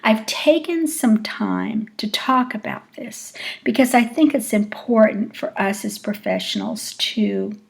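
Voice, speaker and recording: A woman giving a recorded lecture on speech acoustics, explaining deliberately and acting out short example phrases. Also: fairly high pitch, vocal fry.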